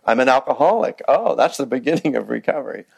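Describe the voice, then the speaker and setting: A man teaching meditation in a loose, conversational dharma talk, with a middle-pitched voice and a close, dry sound. He halts and restarts often, slipping into quoted inner voices. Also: animated, fast talker, vocal fry, a little mellow, breathy edge, no echo. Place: meditation hall.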